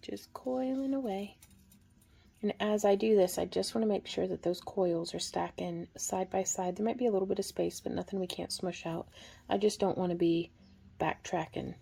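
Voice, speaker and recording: A woman giving a relaxed, chatty hands-on craft tutorial, talking through each step and counting stitches aloud. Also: medium pitch, normal speed, gravelly, breathy edge. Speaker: craft instructor.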